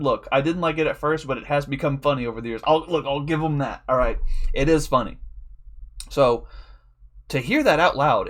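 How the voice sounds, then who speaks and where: A man telling a long, rambling story in a casual, profane way, laughing often as a draft league coach. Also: on the high side.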